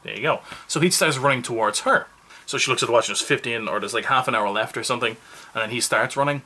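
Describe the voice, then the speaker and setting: A man's voice: mid-range voice, fast talker, pushed and bright, breathy edge. A man giving a casual, rambling movie review, full of self-mocking asides.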